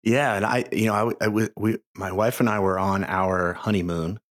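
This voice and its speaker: A middle-aged man with a deep, low-pitched voice speaks as a podcast guest. He tells stories in a lively, animated way, and his voice leaps upward when he gets worked up. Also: normal speed. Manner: animated storyteller, voice jumps high when excited. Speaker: podcast guest, author and coach. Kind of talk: casual interview chat.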